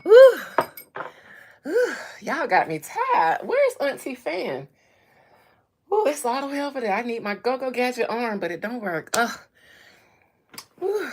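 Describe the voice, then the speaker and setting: A woman hosting a casual livestream, animated, calling out viewers and laughing often. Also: on the high side, a little slow, pauses often. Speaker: livestream host.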